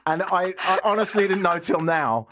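A man's voice: sits high, normal speed, fairly bright tone, slight background noise. A British man hosting a radio talk show, teasing and exasperated in casual banter. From Britain. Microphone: studio microphone.

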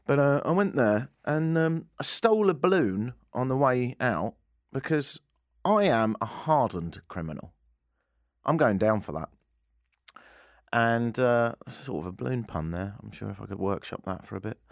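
A man's voice: mid-range voice, expressive, normal speed, no room sound. A man hosting a comedic talk radio show, telling rambling self-deprecating anecdotes on a studio mic. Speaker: radio host. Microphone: studio microphone.

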